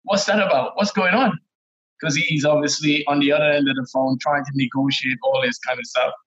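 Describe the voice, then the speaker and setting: A middle-aged man with a Trinidadian accent, telling stories as a guest in a relaxed, laid-back way, often laughing. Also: a little high, a little fast. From Trinidad and Tobago. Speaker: guest, former footballer. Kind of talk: casual interview storytelling. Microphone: remote call audio. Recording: dull lo-fi call audio.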